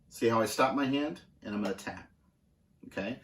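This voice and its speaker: Relaxed drum teacher in an echoey room. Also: male voice, medium pitch, slight background noise. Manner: relaxed, halting with many fillers. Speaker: drum instructor. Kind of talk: casual instructional demonstration. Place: music school practice room.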